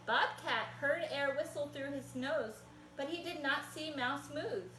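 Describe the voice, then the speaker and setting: A woman reading a picture book aloud to children in an animated, encouraging way and asking them to join in. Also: high voice, measured pace, a little hiss or hum. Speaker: storytime reader. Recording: echoey room.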